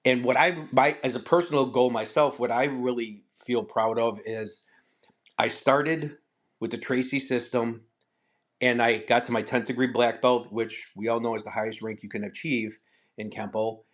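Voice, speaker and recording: A man's voice: mid-range voice, moderate pace. An older man, a martial arts guest, telling stories in a casual interview, acting out what others said and often repeating words. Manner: animated storyteller, acts out quotes, repeats words.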